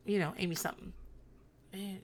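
A woman's voice: medium pitch, fairly even intonation, a little fast. A woman in her thirties hosting a solo podcast, telling stories bluntly and profanely with a rambling, candid delivery. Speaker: podcast host.

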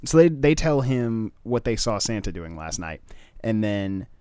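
A man's voice: on the low side, sing-song, a little slow, dark tone, clean tone, no room sound, studio quality. A man casually working out a comedy plot aloud, hesitant and loose. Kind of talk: comedy podcast improv.

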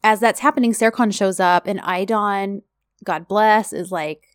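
A chatty woman co-hosting a podcast, her talk rambling from one point to the next with lots of ums and likes. Her voice sits at an ordinary middle pitch. The recording is close and dry, with no room sound. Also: unhurried, no echo. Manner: rambling and chatty, with frequent fillers. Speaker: podcast co-host. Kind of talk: casual chat.

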